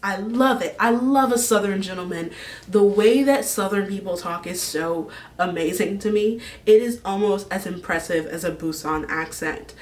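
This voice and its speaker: A woman's voice: medium pitch, normal speed, recorded from a distance. A young woman vlogging in a casual, rambling, gushing way, laughing often as she talks about a book's characters. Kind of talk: casual fan casting chat.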